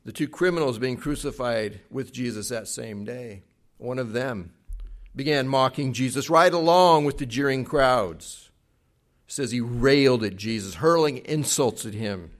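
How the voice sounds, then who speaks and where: A man preaching a sermon in an earnest, emphatic way, at times dropping to a hushed tone. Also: medium pitch, unhurried. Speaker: pastor.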